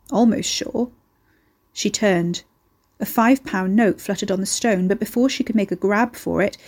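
Woman, audiobook narration, steady measured storytelling, novel reading. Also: mid-range voice.

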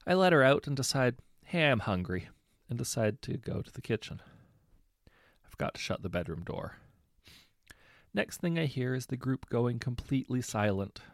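A man reading short anecdotes aloud in a relaxed, conversational way, correcting himself now and then. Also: mid-range voice, normal speed, no echo, studio quality. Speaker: story narrator.

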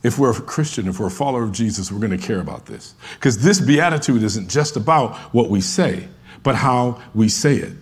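A pastor preaches a sermon in a conversational way, acting out churchgoers' voices and at times rising to emphatic shouts. His voice is medium-pitched, expressive, a little fast, with a breathy edge.

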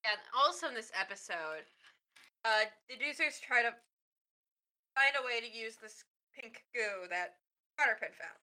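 A young woman co-hosting a casual podcast chat, excitable and quick to gasp and exclaim. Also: on the high side, poor audio. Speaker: podcast co-host.

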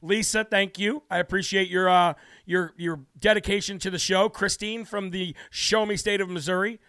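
A man hosting a live political talk show, brash and emphatic, hammering points with repetition and reading out viewer shout-outs. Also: sits high, steady tone, normal speed, clean tone, no echo, clean studio sound. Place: New Hampshire studio.

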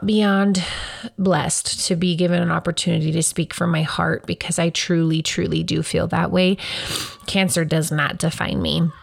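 A woman's voice: deep voice, creaky, slightly rough, no echo. A woman in her thirties, a podcast host, talking earnestly and reflectively about her own life in a casual way. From Wyoming, US. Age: 30s. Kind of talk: personal casual talk.

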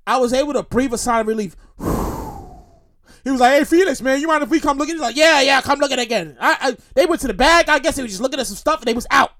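A man with a New York accent hosts his own show, riffing through stories in a casual, profane monologue. His voice sits high and swings widely as he repeats himself for effect. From Brooklyn, New York. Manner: animated, profane, repetitive storytelling. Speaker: podcast host.

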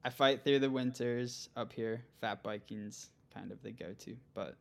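A young man from Minnesota, a guest on a podcast, talking casually and relaxed, laughing easily. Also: medium pitch, unhurried, vocal fry. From central Minnesota, US. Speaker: guest, pro cyclist. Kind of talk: casual interview chat.

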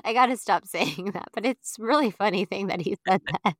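A woman co-hosting a podcast, casually recapping a reality show with animated storytelling, acting out quotes and laughing often. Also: mid-range voice, a little fast, dry recording, clean studio sound. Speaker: podcast co-host.

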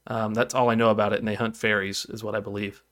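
A man's voice: fairly low pitch, little pitch movement, quick pace, fairly bright tone. A man co-hosting a casual podcast, talking hesitantly about shows and often correcting himself. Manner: hesitant, with frequent ums and self-corrections. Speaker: podcast co-host. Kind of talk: casual chat.

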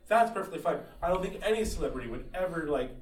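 A man's voice: fairly high pitch, lively intonation, fast. Easygoing man, distant and echoey. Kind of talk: casual chat. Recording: echoey room, away from the mic.

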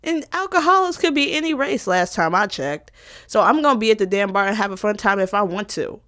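A woman's voice: medium pitch, lively intonation, a little fast, a bit bright. A woman in her twenties, a college student, talking frankly and emotionally to the camera in a casual vlog, with plenty of profanity. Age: 20s. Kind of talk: candid personal vlog talk.

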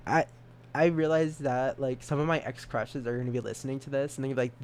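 A man's voice: on the high side, animated, moderate pace. A young man hosting a solo podcast, rambling and giggling at himself, with a stutter. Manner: rambling, giggly, self-mocking. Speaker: podcast host.

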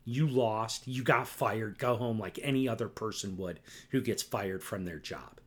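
A middle-aged podcast host, on his own, goes on an angry, foul-mouthed rant, repetitively tacking "right?" and "okay?" onto what he says. His voice is on the low side, moving at a moderate pace with few pauses.

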